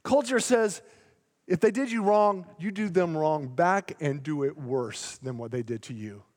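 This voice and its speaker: A male pastor preaching a sermon in a church, emphatic and slowing down to stretch out key words. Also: a little high, a little mellow. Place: church sanctuary. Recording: long hall reverb in a large sanctuary.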